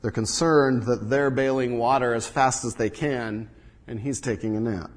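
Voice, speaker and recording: A man preaching a sermon as pastor, moving between loud emphatic bursts and hushed low asides. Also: steady tone, normal speed. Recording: long reverb of a large hall.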